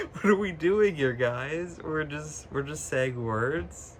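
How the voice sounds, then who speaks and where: A man's voice: on the high side, slow, slight background noise. A man talking casually to camera, ranting with sarcasm, swearing freely and laughing often mid-sentence, recorded on a phone. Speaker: vlogger. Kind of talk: casual chat.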